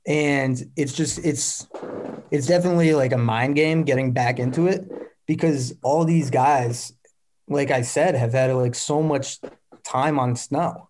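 A man's voice: mid-range voice, a little slow, a little mellow, a little hiss or hum. Upbeat young man, rambling answers. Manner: rambling, heavy on "like" fillers, upbeat. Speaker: competing athlete, guest. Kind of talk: casual interview answers.

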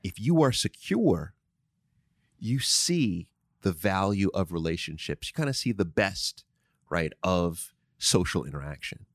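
A man's voice: deep voice, big pitch swings, a little slow, no echo, studio quality. A man hosting a show, talking casually and answering listener questions, stressing points and repeating key phrases. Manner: emphatic, repeats key phrases, frequent "right?". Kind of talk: casual advice talk. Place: studio.

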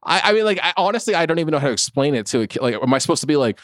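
A man's voice: on the high side, lively intonation, rapid-fire, few pauses, no echo, clean studio sound. A middle-aged man co-hosting a podcast, chatting casually, laughing often, swearing and stumbling over restarts. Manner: laughing, profane, stammering restarts. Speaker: podcast co-host. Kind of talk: casual chat.

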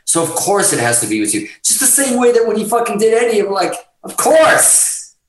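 A man telling stories in casual podcast chat, profane and animated as he talks. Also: high voice, fast, roomy sound, slight background noise, poor audio. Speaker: guest guitarist.

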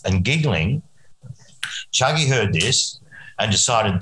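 A man's voice: fairly low pitch, animated, fairly quick, bright, forceful tone, roomy sound, rough recording. An Australian man, a musician guest, rambling through a story and chuckling often. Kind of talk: casual anecdote telling.

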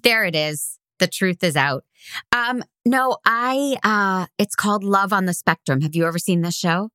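A woman's voice: medium pitch, moderate pace, pushed and bright, smooth, dry recording. A woman co-hosting a podcast in casual chat, earnest and gushing, close to tears with enthusiasm. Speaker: podcast co-host.

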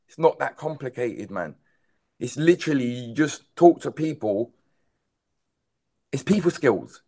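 Animated London man, dancehall artist. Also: fairly high pitch. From South London. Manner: animated, repetitive, emphatic, says "bro" and "man" often. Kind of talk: casual interview chat.

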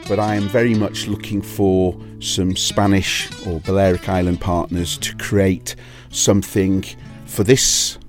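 With faint music behind him, a Welsh man speaks in a low-pitched, level tone, a little slowly but with hardly any pauses. A DJ and label owner, he chats casually in an interview, telling long anecdotes and restarting often.

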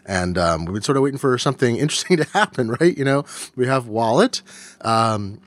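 A man's voice: medium pitch, lively intonation, brisk, dry recording. A man co-hosting a tech podcast in casual chat, rambling with jokey asides.

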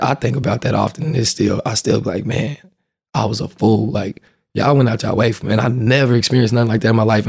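A young man and father, a guest speaking in a relaxed, earnest and soft-spoken way. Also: lowish voice, creaky, slightly rough, no room sound, studio quality. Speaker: guest, father and youth baseball mentor. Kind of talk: casual conversation.

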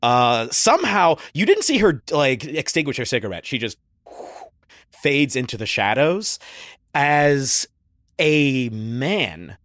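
Lively game master narrating. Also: male voice, mid-range voice, takes it slowly, no echo. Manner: descriptive, casual, with fillers.

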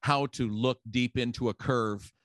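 With no room sound, a middle-aged guest in casual chat tells a story in a mid-range voice, a little slowly. He acts out his quoted characters' voices with animation and laughter.

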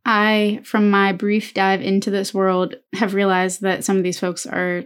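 A woman's voice: medium pitch, monotone, measured pace, clear, resonant tone. A woman in her thirties co-hosting a podcast in casual, chatty conversation, laughing easily as she talks. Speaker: podcast co-host.

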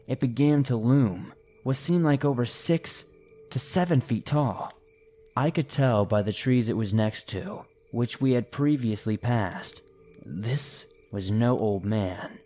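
A man narrating listener-submitted horror stories, slowing and hushing his delivery at the tense moments. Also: fairly low pitch.

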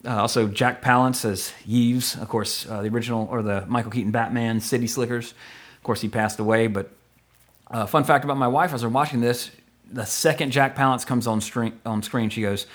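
A middle-aged man hosting a podcast, rambling through a movie review with quick asides and casual swearing. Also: fairly low pitch, fairly even intonation. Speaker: podcast host.

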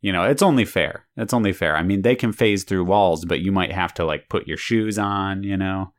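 Give me a woman with an extremely deep voice, patiently questioning a child in a casual chat. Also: moderate pace. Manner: patient, checks understanding by restating answers. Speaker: interviewer.

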